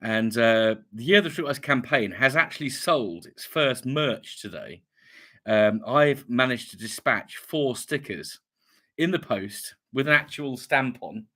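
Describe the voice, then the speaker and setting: A man's voice: medium pitch, lively intonation, measured pace, sharp tone. A man hosting a casual live stream, chatting in a rambling way as he greets viewers and reads out their comments. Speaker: YouTube channel host.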